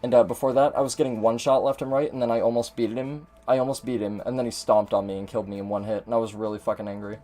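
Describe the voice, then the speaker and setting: A man's voice: medium pitch, steady tone, quick pace, few pauses, dark tone, soft background music. A man giving casual gameplay commentary as a streamer, chatty and swearing a lot.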